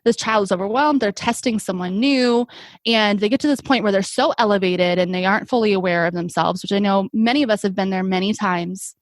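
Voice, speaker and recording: A woman's voice: medium pitch, fairly quick, no room sound. A young adult woman, an occupational therapist, telling stories in an earnest, reflective way with many fillers. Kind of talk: conversational podcast interview.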